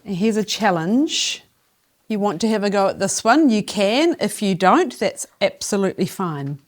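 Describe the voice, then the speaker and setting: A woman leads a young class through a spelling lesson, her voice clear and encouraging. She talks in a steady middle pitch, giving short instructions and counting the children in. She is recorded in a classroom. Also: moderate pace. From New Zealand. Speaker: primary school teacher. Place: primary school classroom.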